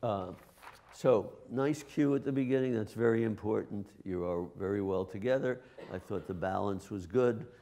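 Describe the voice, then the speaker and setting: Gravelly low-voiced man coaching musicians. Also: dark tone, a little hiss or hum. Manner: sings musical phrases with nonsense syllables; halting, with frequent filler sounds. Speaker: master class teacher. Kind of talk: coaching a chamber ensemble. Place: live master class in a studio.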